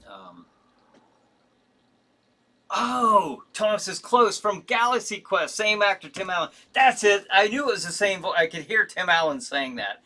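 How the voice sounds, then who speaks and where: Rambling male stream host, lively pitch. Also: measured pace. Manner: reads viewer comments aloud and answers them; rambling, with many fillers and restarts. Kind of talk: casual live-stream chat.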